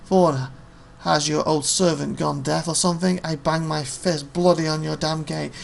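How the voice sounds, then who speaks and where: Man reading as a gruff gravelly soldier captain. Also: on the high side, fairly even intonation, moderate pace, slight background noise.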